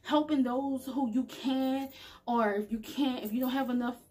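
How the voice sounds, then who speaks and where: A woman vlogger speaks directly to her followers with a slightly raised pitch and a husky edge. She talks casually and earnestly. She keeps the feel of a heartfelt motivational chat. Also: fairly even intonation, normal speed, darkish tone. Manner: earnest, chatty, addresses viewers directly. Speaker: spiritual vlogger. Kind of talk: casual motivational talk to camera.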